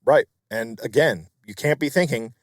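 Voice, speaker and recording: A man's voice: medium pitch, normal speed, no room sound, studio quality. A middle-aged man co-hosting a podcast, explaining things in a matter-of-fact way. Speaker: podcast co-host. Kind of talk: casual chat.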